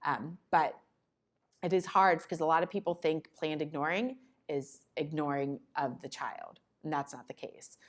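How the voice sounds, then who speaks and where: Female presenter, lower voice, chatty and animated, explains to parents in a conference room. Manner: lively, conversational, acts out the child and parent in quick asides. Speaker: conference presenter on child behavior.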